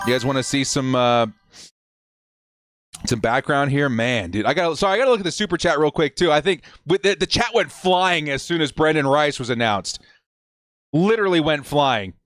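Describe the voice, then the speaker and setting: A young adult man hosting a live fan watch party stream, excitedly shouting reactions and reading chat messages aloud. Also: mid-range voice, moderate pace, no echo, clean studio sound.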